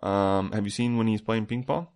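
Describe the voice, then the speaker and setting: A man's voice: on the low side, normal speed, darkish tone. A man in his thirties co-hosting a podcast, joking and teasing, telling tall tales with a straight face. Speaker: podcast co-host. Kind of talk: casual chat.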